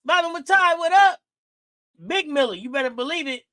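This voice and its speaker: Woman, high voice, hyped live game watch-along, slangy, yelling at players. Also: animated, brisk. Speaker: sports stream host.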